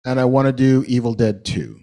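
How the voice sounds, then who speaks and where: A man co-hosting a live podcast show in a cinema, laid-back and echoing the host with quick jokes. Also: mid-range voice, mellow. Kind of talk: live podcast chat with an audience.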